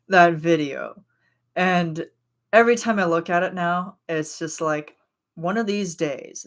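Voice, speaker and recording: Low-voiced, rambling woman streamer. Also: fairly bright tone. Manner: rambling and chatty, with frequent fillers and laughs. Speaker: livestream host. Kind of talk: casual livestream chat.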